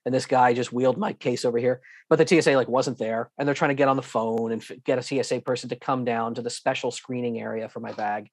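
A man giving an online lesson with slides, talking in a lively, emphatic way, acting out airline staff and repeating himself for emphasis. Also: mid-range voice, quick pace, hardly any pauses, no room sound, studio quality. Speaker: guest instructor.

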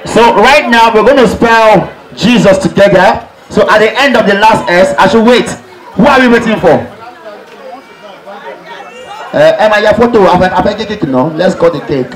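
High-voiced party MC. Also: male voice, moderate pace. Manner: coaxing, repeats call-and-response cues. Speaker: master of ceremonies. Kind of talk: party MC announcements. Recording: echoey party hall with music and crowd.

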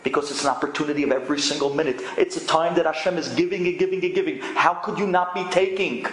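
A man, a rabbi, telling an inspirational story in a dramatic way, dropping to hushed tones and rising to loud exclamations. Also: on the high side, fast talker. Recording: echoey room with faint ambient noise.

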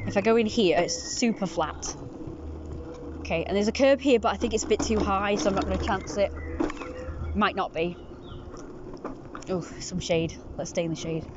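A woman's voice: normal speed, pauses often, lo-fi sound, noisy background. A British woman in a casual outdoor vlog, chatting to the camera while out on a scooter and cooing at a cat. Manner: coos in a high sing-song voice to a cat.

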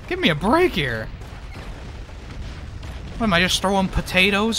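A man's voice: high-pitched, huge pitch swings, a little slow, pauses often, pushed and bright, slight background noise. A man streaming a war video game, giving casual joking commentary, laughing often and swearing now and then.

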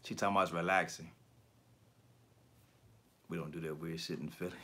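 A man hosting a casual livestream chat about collectibles, talking in slangy, profane bursts and animated storytelling. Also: low voice, brisk, breathy edge. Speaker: YouTube collector channel host.

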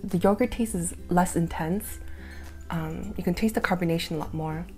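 Chatty woman vlogger, mellow voice. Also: fairly low pitch, normal speed, faint music behind. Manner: chatty, thinks aloud with fillers. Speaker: food vlogger. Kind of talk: casual taste-test vlog.

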